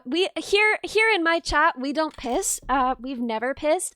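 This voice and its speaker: Young female streamer host, high and bright, playful and teasing. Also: dry recording, studio quality. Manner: playful, teasing, mock-indignant. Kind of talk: casual stream chat.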